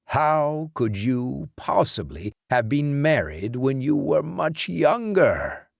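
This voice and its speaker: Man doing a slow, gracious old grandfather. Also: a little high, very animated, creaky, dry recording, clean studio sound, pitched above the performer's own voice, heavily acted. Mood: courteous. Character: courteous old German-speaking grandfather.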